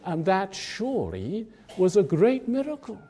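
Exuberant young male student, joyful and exclaiming high, as a preacher puts him on in a slow, mellow voice. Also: wildly swooping pitch, slightly rough, exaggerated voice. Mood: eager.

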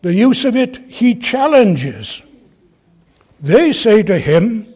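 Deliberate, husky-voiced male preacher. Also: high-pitched, sing-song, darkish tone. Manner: earnest, emphatic, deliberate Bible exposition. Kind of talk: expository sermon. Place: church pulpit.

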